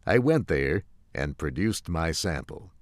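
Brief: male storyteller, low voice, very slow, deliberate, learner-friendly narration. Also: very animated, no room sound, clean studio sound. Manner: measured, carefully enunciated.

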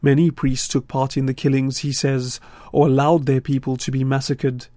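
A man reporting a radio news feature in a measured, scripted voice-over from a studio. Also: mid-range voice, dry recording. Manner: measured, steady delivery.

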